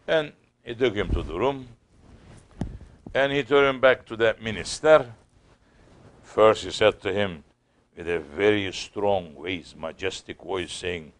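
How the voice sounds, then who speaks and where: Slow, low-voiced man telling a story. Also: expressive. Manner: non-native English, acts out voices in the story. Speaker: sheikh giving a talk. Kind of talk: sohbet storytelling talk.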